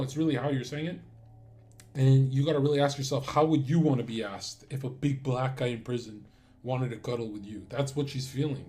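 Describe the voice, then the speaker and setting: A man's voice: medium pitch, dark tone. A man streamer talking in a casual, crude and rambling monologue full of swearing.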